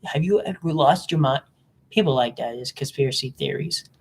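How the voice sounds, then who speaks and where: A vlogger talking in a casual, rambling monologue, hopping between topics, the voice jumping up in pitch when excited. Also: moderate pace, breathy edge. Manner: mimics other people in silly voices.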